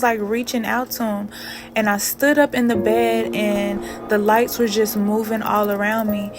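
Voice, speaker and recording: A woman's voice: mid-range voice, level tone, unhurried. A woman telling a personal spiritual story with emphatic asides to the listener. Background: music.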